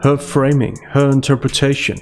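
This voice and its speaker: A man's voice: mid-range voice, little pitch movement, normal speed, soft background music. A man giving a scripted analytical voice-over in a dry, sarcastic manner. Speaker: commentary channel host.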